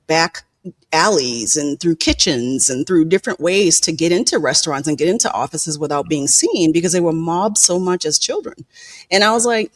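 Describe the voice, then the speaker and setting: Candid, profane film producer telling stories. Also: dry recording. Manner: candid and profane, acts out quoted people with sharp pitch jumps. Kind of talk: candid interview storytelling.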